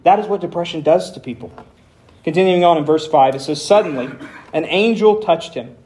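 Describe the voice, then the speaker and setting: Higher-voiced man preaching with dry humor. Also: a little fast, a little mellow. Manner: reads scripture aloud with dramatic emphasis. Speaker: pastor. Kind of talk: sermon.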